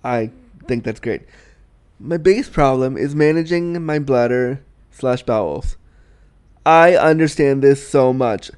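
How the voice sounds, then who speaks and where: A young man hosting a podcast, answering a listener's question in a frank, animated, self-deprecating way. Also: medium pitch, unhurried, clear, resonant tone. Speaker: podcast host. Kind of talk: candid advice chat.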